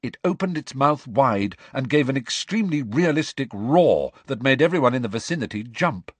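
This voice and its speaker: A man's voice: mid-range voice, moderate pace, no echo. A man narrating an audiobook expressively, acting out every character. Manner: animated, acts out the dialogue.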